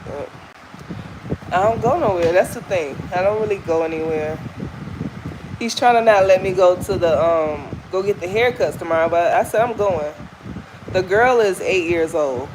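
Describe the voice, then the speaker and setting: A woman's voice: on the low side, normal speed, background noise. A woman from the American South with a Southern accent, talking candidly and folksily in a casual walking vlog. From Southern United States. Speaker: vlogger. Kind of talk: casual chat while walking. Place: outdoors on a walk.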